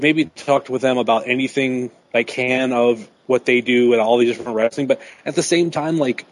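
Male podcast host, relaxed, rambling casual talk, mid pitch. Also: low-quality recording. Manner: rambling, filler-heavy, laid-back. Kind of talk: casual chat.

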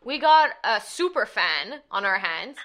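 A woman's voice: medium pitch, sing-song, a little slow, sharp tone. A woman with a Canadian accent co-hosting a podcast, giggling often and swearing freely. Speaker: podcast co-host. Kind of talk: casual chat.

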